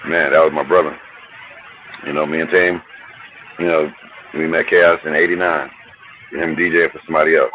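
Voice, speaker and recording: A man's voice: extremely low pitch, steady tone, moderate pace, long pauses, narrow, tinny audio, a little hiss or hum. A middle-aged man from New Jersey, a hip hop artist telling stories in a laid-back, slangy, profane way. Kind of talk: casual storytelling interview.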